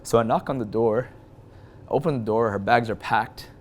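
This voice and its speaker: A man in his twenties telling a personal story as an interview guest, talking in quick bursts with frequent restarts. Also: mid-range voice, slight background noise. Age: 20s.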